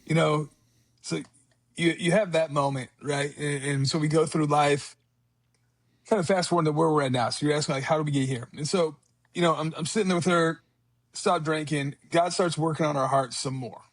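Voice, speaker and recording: Man, 40s, podcast guest; earnest storyteller with a higher voice, dry close sound. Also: steady tone, normal speed, no room sound. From California. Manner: earnest, repeats words and restarts, quotes himself aloud. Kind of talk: candid conversational storytelling.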